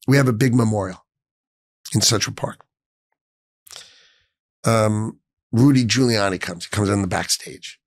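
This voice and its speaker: A middle-aged man telling an emotional story in an interview, speaking emphatically and swinging between hushed and raised tones. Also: fairly low pitch, creaky, husky, no room sound, clean studio sound. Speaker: finance executive, interview guest.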